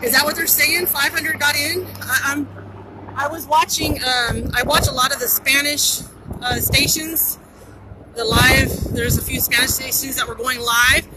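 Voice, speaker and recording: A woman livestreaming from her phone on a pedestrian bridge, talking in an urgent, excited way and a little out of breath. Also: sits high, a little slow. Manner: urgent, excited, repeats herself. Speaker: live-streaming citizen reporter. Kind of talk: live phone stream, unscripted commentary. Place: outdoors on a pedestrian bridge by a busy border crossing. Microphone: handheld phone. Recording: noisy outdoor phone recording. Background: traffic and helicopters.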